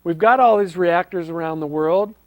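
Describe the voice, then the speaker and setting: Seorang pria memandu acara TV komunitas lokal, berbicara santai tanpa naskah, dengan nada sungguh-sungguh dan banyak "um" serta ulangan kata. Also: male voice, high-pitched, moderate pace, darkish tone, no echo. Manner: earnest, with frequent ums and restarts. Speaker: host of a local access TV show. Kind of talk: casual unscripted talk to camera.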